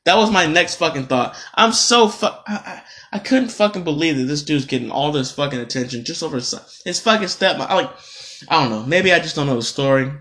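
A man's voice: fairly high pitch, brisk, bright, forceful tone. A man hosting a solo podcast, ranting in a casual, profane, exasperated way. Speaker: podcast host.

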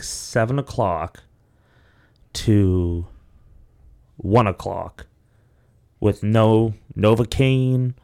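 With a fairly low, slightly mellow voice edged by vocal fry, a young podcast host unspools a long, casual tale. He curses freely, says "like" constantly, rambles, and imitates the people he quotes.

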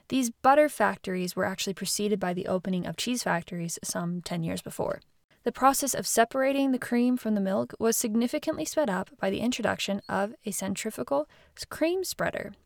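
Woman reading a documentary script, steady and even, dry close sound. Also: medium pitch, dry recording. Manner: even, measured reading of facts.

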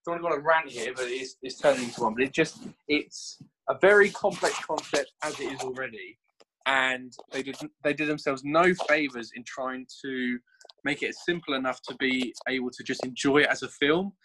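A man chatting casually on a podcast film review, rambling and excitable, swearing now and then. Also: mid-range voice, moderate pace, slight background noise, low-quality recording. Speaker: podcast guest.

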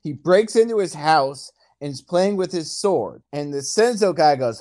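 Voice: medium pitch, lively intonation, normal speed, few pauses, a little mellow. A podcast co-host in casual chat, recapping a film's plot with dry sarcasm.

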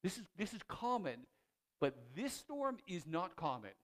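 A male pastor delivers a sermon in a slightly raised pitch. He retells a story with animated energy, often restarting phrases, and moves between loud emphasis and hushed passages. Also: measured pace.

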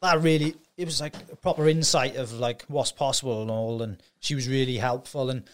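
A man's voice: mid-range voice, fairly even intonation, fairly quick. A man from South Wales hosting a podcast, chatting loosely with many fillers. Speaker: podcast host. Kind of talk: casual chat.

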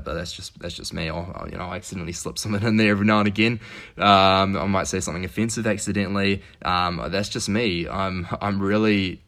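A man hosting an unedited fitness podcast, rambling with lots of fillers and restarts, speaking quietly with a sniffly nose. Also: sits low. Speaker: podcast host and fitness coach. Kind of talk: casual unedited podcast monologue. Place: indoors, crouched position.

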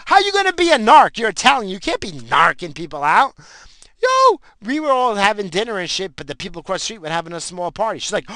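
Gravelly swearing man on a rant. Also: high-pitched, a little fast, no room sound. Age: adult with a job and in-laws. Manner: angry, swearing constantly, animated outbursts. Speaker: vlogger ranting to camera. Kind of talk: profane comic rant.

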